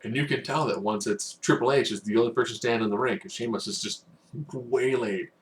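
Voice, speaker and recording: A man giving a casual, rambling spoken recap, now and then acting out quotes in loud bursts. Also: medium pitch, a little fast. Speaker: wrestling recap host.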